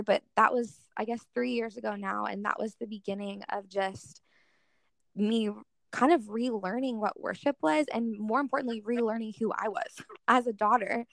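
She's a young worship-ministry guest speaker sharing her faith story in a relaxed interview, sincere and peppering her talk with "like." Her voice sits on the higher side and sounds gravelly, recorded with no echo.

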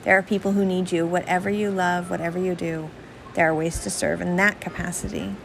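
A woman's voice: on the low side, flat delivery, brisk, gravelly, a little hiss or hum, rough recording. Earnest woman podcast host. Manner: earnest, encouraging, direct address to listener. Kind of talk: motivational podcast monologue.

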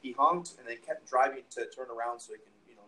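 A man's voice: medium pitch, fast talker, pushed and bright, poor audio. A young man tells a story in casual conversation, rambling and profane, with lots of restarts and fillers. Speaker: podcast guest, musician.

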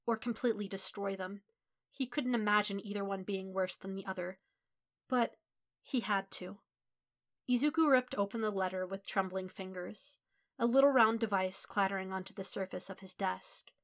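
A woman reading a fan fiction story aloud in a soft, steady, subdued way. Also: medium pitch. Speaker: podfic reader. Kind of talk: audiobook fan fiction narration.

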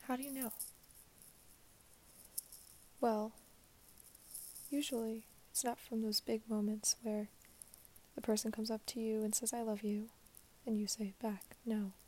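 A young woman giving a reflective spoken monologue, her voice soft and drifting in and out of a whisper. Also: fairly high pitch, flat delivery, unhurried.

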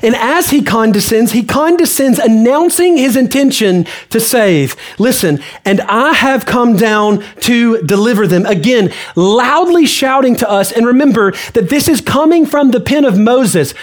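A man's voice: very high voice, lively intonation, unhurried, few pauses. A man preaching a sermon as pastor, emphatic and repetitive. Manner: emphatic preaching with repeated phrases. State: out of breath.

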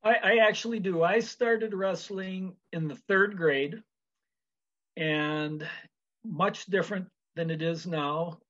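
Man, guest, from Minnesota, fairly high voice, measured, pausing, dull lo-fi audio. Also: fairly bright tone. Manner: measured, with frequent uh pauses. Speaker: guest, wrestling official. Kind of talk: casual interview chat.

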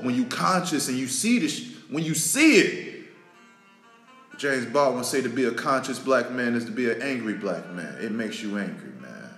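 A man, hosting a podcast and delivering an emotional, preachy monologue that repeats lines for emphasis and swings between loud and soft. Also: mid-range voice. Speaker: podcast host. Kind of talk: impassioned spoken monologue. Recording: roomy echo with faint music.

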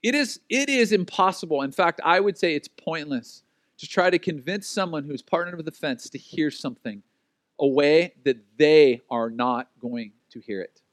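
Animated preacher man with a dry sound. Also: fairly high pitch, moderate pace, dry recording. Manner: animated storytelling, acts out quoted voices. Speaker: pastor. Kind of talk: sermon.

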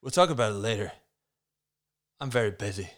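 Man putting on a loud, put-on American accent as a brusque, busy young guy, low voice. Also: lively intonation, fairly quick, natural voice. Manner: loud, stilted script reading.

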